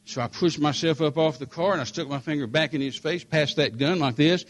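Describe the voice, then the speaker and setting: An older American man preaches, his high-ish voice running a little fast with hardly any pauses. In this sermon storytelling, he animatedly recounts dramatic personal stories and acts out the voices of the people in them.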